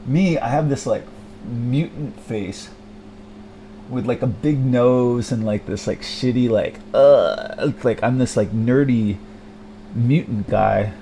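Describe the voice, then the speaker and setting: A young man talking to himself on camera in a low-key, darker and mellow voice, halting and self-deprecating, filling every gap with fillers and starting over. He swears freely as he thinks aloud. A faint hum sits under the recording. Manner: hesitant, many fillers and restarts, self-deprecating, swears often. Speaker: vlogger. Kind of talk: rambling personal monologue.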